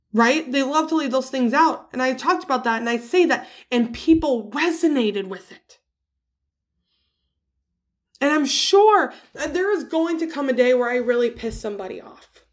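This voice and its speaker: A woman in her thirties talks alone on her podcast in a candid, confessional way. Her voice sits a little higher than most. She leans into key words with earnest conviction. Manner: earnest and confessional, emphatic at times. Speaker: podcast host. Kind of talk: candid solo podcast monologue.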